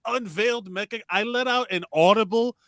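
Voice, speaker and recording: A man's voice: high-pitched, moderate pace, a bit bright, no room sound. A man co-hosting a podcast in casual chat, telling stories with enthusiasm and swearing freely. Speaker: podcast co-host.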